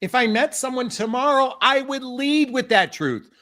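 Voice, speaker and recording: A man's voice: very high voice, moderate pace, sharp tone. A middle-aged man giving dating advice straight to camera, impassioned and emphatic, often calling his viewers "folks". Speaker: dating coach. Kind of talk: direct-to-camera advice talk.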